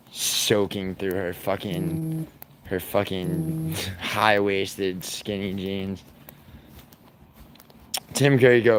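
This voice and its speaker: A man's voice: low-pitched, steady tone, slow pace, long pauses, a little hiss or hum. A man hosting a livestream, talking in a crude, profane and rambling way, mocking his chat. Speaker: livestream host.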